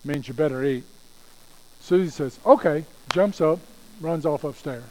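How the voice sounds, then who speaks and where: Mellow-voiced folksy male storyteller. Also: a little high, normal speed, slight background noise, poor audio. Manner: folksy, chatty asides to the audience.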